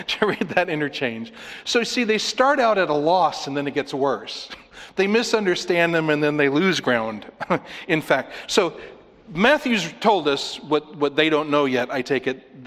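A man preaching an expository sermon, animated, acting out the voices of the people he talks about. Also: a little high, moderate pace, big-room sound. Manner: animated, acts out voices of the disciples. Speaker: pastor.

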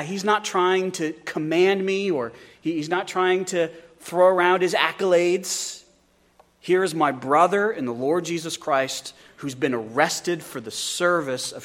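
Earnest preaching man with a higher voice. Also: fairly bright tone. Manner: earnest, repeats words when starting phrases. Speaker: pastor. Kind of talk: sermon.

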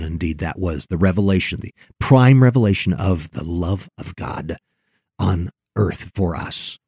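A man's voice: sits low, mellow, husky, no room sound, clean studio sound. A man hosting a Christian talk show, reading numbered Bible passages aloud in an earnest way. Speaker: radio show host. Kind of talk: Christian radio discussion.

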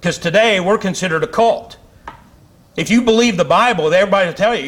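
Male pastor, high-pitched, fiery conversational sermon delivery in a church. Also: fairly quick, a bit bright. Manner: fiery, conversational preaching with asides and laughs. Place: church sanctuary.

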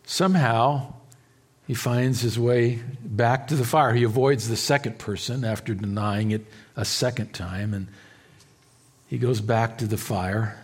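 A man preaching an expository sermon, swinging between hushed, quiet stretches and emphatic, raised passages, with halting restarts and repeated words. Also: medium pitch, slightly rough. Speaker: pastor.

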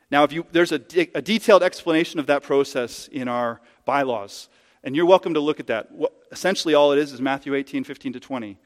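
A man's voice: mid-range voice, in a large hall. A man preaching a sermon as pastor in a conversational, emphatic way, using hypothetical examples. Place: church sanctuary.

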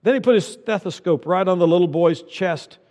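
A man's voice: high voice, a little fast, darkish tone. Folksy older man preaching in a hall. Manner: folksy, anecdotal, repeats key lines for emphasis. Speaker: pastor. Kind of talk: sermon.

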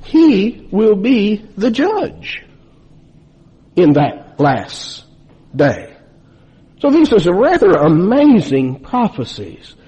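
A man's voice: sits high, huge pitch swings, drawn-out words, long pauses, mellow, slightly rough. A pastor in his fifties, a man preaching an emphatic sermon full of rhetorical questions.

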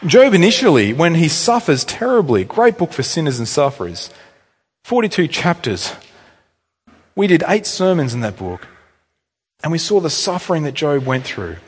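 A male pastor preaching a sermon in a church, telling stories in a chatty, animated way with offhand asides. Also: on the high side, moderate pace, slightly rough. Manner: animated storytelling, conversational asides. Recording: echoey hall reverb.

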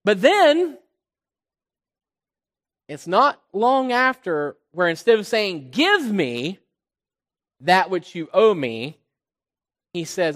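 A man with a fairly high voice preaches to his congregation, rising loud on key points and sinking to a hush on others. His voice rings with the long reverb of a large church sanctuary. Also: sing-song, takes it slowly, long pauses. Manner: preaching, swells loud on key points, drops low on quiet ones. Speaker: pastor. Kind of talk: sermon.

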